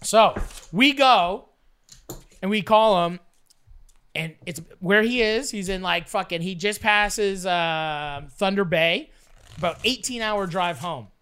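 A man spins a rowdy, profanity-laced story in a casual chat. His tone is bright and forward, and he acts out each quote as he goes. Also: high voice, takes it slowly, clear, resonant tone. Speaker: storyteller guest. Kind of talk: casual storytelling while playing cards.

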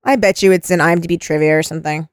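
A woman's voice: on the low side, steady tone, racing, smooth, dry recording, studio quality. A woman hosting a casual podcast chat, agreeing often and reading plot summaries aloud with many "like"s. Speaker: podcast host.

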